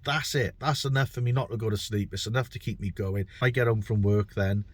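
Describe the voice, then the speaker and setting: A man's voice: lowish voice, fairly even intonation, fairly quick, no echo. A middle-aged man with a British accent, a bricklayer talking through his own podcast in a chatty, rambling and self-deprecating way, often repeating words as he thinks. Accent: British English. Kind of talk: casual podcast monologue.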